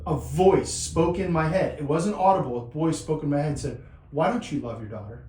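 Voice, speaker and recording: A man in his forties hosting a podcast, telling stories in a lively way and acting out the dialogue. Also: fairly high pitch, a little fast. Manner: animated storyteller, acts out dialogue. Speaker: podcast host. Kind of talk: casual conversation. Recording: echoey room with some noise.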